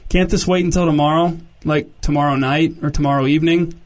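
A wary teenage boy speaks softly and evasively, as a male narrator reads him. His lines come in a flat, fairly high voice with little rise and fall. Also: fairly quick, close to an everyday voice. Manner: quiet, stalling.

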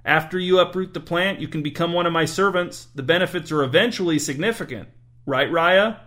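A man's voice: fairly high pitch, fairly quick, a bit bright, pitched above the performer's own voice, lightly acted. A man reading a story aloud and voicing a bossy smudged creature with a grating voice and a haughty, demanding manner. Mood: coaxing. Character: smudged shadowy creature, bossy, scornful master.

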